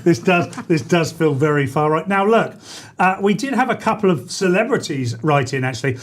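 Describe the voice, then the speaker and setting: A man hosts a radio talk show in a playful, mock-earnest way, often breaking into laughter. His voice sits high for a man. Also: expressive, normal speed. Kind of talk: comic radio banter. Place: radio studio.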